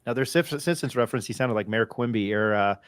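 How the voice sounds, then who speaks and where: A man's voice: medium pitch, a little fast, clean tone, dry recording. A man hosting a casual sports podcast, chatty and self-deprecating, with rambling asides. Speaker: podcast host.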